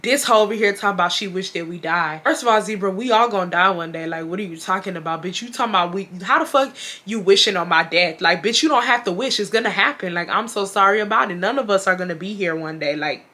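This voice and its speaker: A young woman from Houston, Texas telling a storytime to her viewers, blunt and profane, with an animated delivery. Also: mid-range voice, quick pace. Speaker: storytime vlogger. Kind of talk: casual storytelling to camera.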